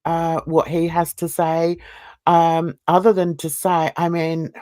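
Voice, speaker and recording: Host, female, lowish voice, dry close sound, earnest and indignant. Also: little pitch movement, takes it slowly, darkish tone, dry recording. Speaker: channel host. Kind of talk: casual panel chat.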